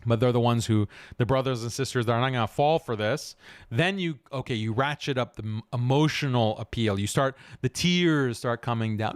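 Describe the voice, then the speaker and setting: A male host delivering commentary in a scornful, emphatic tone, laughing often. His voice sits at a middle pitch. The sound is close and dry. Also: normal speed, no echo. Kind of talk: commentary reaction show.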